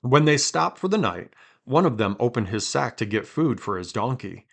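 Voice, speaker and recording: A man hosting a podcast, reading scripture aloud with quiet dramatic emphasis and chatting between passages. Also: medium pitch, sing-song, normal speed, creaky, husky. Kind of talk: conversational Bible reading.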